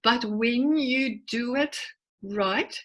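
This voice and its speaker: A woman in her forties, a clinical psychologist appearing as a guest speaker, gives a conversational presentation over a video call. Her voice is a little high and fairly bright, with drawn-out words, and she tells stories while often restarting words. The recording quality is low.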